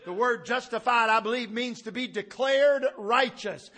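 Male preacher with a high, bright voice, delivering an impassioned sermon that surges into shouts and sinks low. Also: normal speed. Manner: impassioned, rising to shouts then dropping low.

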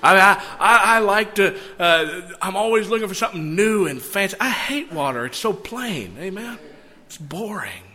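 A man preaching a sermon, reading scripture and breaking into animated, conversational asides. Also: high voice, normal speed. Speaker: pastor. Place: church sanctuary. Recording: long church hall reverb.

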